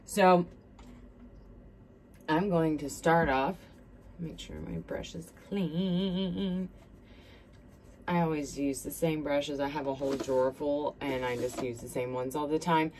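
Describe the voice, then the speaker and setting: A Southern woman in her thirties talks casually to her viewers, drifting from one aside to the next as she does her makeup. Her voice sits low. It is captured on a smartphone with a faint hiss underneath. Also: slow, pauses often, darkish tone. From South Carolina. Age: 30s. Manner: chatty, rambling, friendly asides to viewers. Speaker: beauty vlogger. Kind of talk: casual get-ready-with-me chat.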